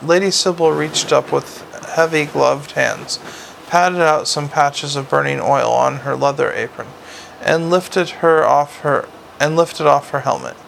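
Reading a fantasy audiobook aloud, this narrator often slips and starts words over. His voice is a little high, creaky and a bit bright, his pace unhurried, and faint background noise can be heard.

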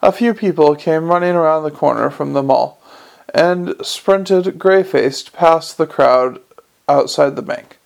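A man reads a novel aloud as narrator in an unpolished way, stumbling and restarting now and then. His voice is slightly high with a gravelly texture. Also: a little slow.

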